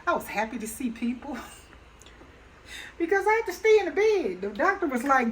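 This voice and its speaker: A woman's voice: high voice, sing-song, normal speed, long pauses, fairly bright tone, poor audio. Chatty woman cooking in a home kitchen. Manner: chatty, folksy, laughs easily. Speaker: home cook and channel host. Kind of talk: casual cooking demonstration.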